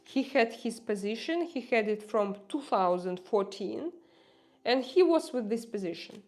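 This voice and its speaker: In a fairly high, expressive, slightly mellow voice, a Russian-accented woman hosts a livestream and chats casually with viewers in English, which isn't her native language. She often pauses and starts over as she looks for the right words.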